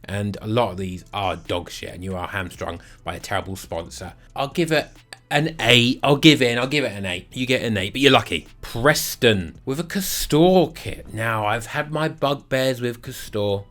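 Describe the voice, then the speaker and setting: A man's voice: fairly low pitch, normal speed, fairly bright tone. Blunt, sweary man rating kits. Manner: blunt, sweary, sarcastic, jokey. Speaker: football kit reviewer. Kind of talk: casual rating vlog.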